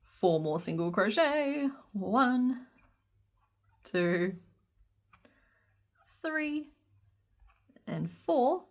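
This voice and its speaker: A woman's voice: fairly high pitch, very animated, very slow, pauses often. A woman teaching a crochet pattern step by step, counting stitches aloud and breaking into giggles. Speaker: crochet instructor. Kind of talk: step-by-step craft tutorial.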